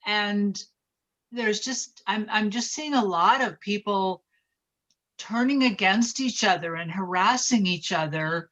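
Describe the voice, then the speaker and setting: A woman's voice: medium pitch, takes it slowly, a bit bright. A woman in her sixties speaking earnestly and reflectively in a group discussion. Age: 60s. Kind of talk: conversational discussion.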